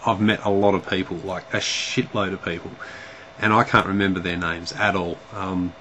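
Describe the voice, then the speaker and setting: A man's voice: sits low, flat delivery, normal speed, sharp tone, dull audio, a little hiss or hum. A man with an Australian accent chatting casually to camera in a vlog, hesitant and full of ums and restarts. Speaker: vlogger.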